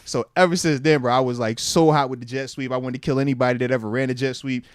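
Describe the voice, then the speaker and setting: A man's voice: mid-range voice, steady tone, fast talker, smooth, dry recording, clean studio sound. A man in his thirties, a podcast host and former pro football player, telling a story in casual slangy talk with lots of laughter. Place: podcast studio.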